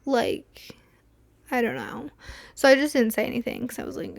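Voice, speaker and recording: A young woman hosting a podcast, telling a story in a rambling, animated way with many quoted asides. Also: on the high side, moderate pace, vocal fry. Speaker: podcast host. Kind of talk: casual solo storytelling.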